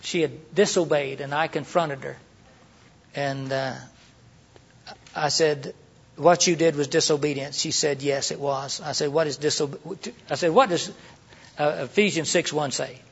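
A man's voice: a little high, steady tone, a little slow, vocal fry, breathy edge. A middle-aged man preaching in a conversational way, asking rhetorical questions and acting out quoted lines. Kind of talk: sermon teaching. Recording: dull lo-fi sermon recording.

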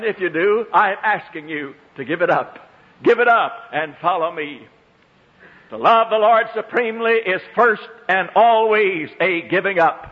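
A man preaching a sermon, swinging between hushed low phrases and high ringing exclamations, drawing out scriptural lines in old-fashioned diction. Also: normal speed. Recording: long hall reverb, dull lo-fi sound.

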